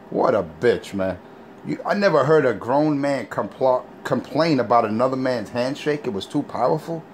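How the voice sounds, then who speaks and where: A man's voice: mid-range voice, lively intonation, moderate pace, slight background noise. Taunting, profane man hosting. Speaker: show host. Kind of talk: casual mocking chat.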